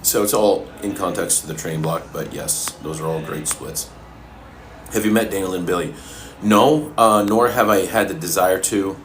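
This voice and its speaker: A man coaching fitness and answering viewers' questions in a relaxed, casual way while eating, sometimes talking with his mouth full. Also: low voice, slight background noise. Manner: relaxed, talks with his mouth full, pauses mid-sentence.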